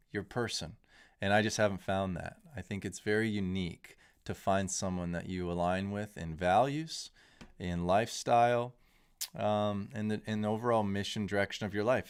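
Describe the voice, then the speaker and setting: Smooth, low-voiced man in his thirties. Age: 30s. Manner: candid, rambling, opinionated, frequent restarts. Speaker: crypto livestream host. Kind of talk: casual livestream talk.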